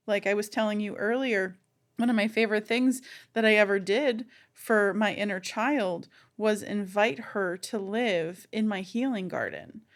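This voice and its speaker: A woman co-hosting a podcast, telling a long story in casual chat, animated and rambling with many fillers. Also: medium pitch. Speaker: podcast co-host.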